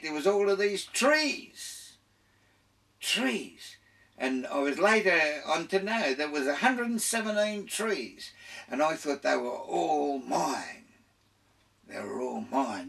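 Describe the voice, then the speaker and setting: A man's voice: a little high, creaky, pushed and bright, distant mic. An older man with an Australian accent, a radio guest telling his life story in a rambling way, full of restarts and laughter.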